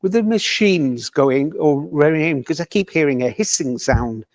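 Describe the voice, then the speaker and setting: A man with a fairly high voice gives a mediumship demonstration to an audience in a village hall. He speaks gently and tentatively, pausing to check with the listener. The sound is close and dry, with no room echo. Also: animated.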